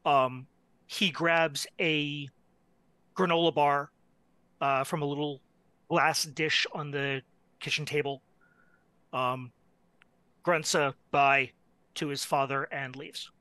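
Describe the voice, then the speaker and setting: Bright-voiced man playing a tabletop game. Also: on the high side, fairly even intonation, slow, long pauses, clean tone, dry recording. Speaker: player. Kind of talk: describing his character in a tabletop game.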